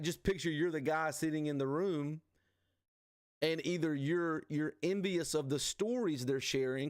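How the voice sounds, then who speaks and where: A man's voice: fairly high pitch, no echo, clean studio sound. A man in his forties hosting a men's ministry livestream, teaching in an earnest, casual way with plenty of "dude" and "man.". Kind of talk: conversational faith teaching. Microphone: livestream microphone.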